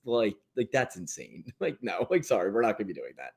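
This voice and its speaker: A young adult man in a casual podcast chat who laughs often and lets his sentences trail off quietly. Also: fairly low pitch, sing-song, a little fast, gravelly.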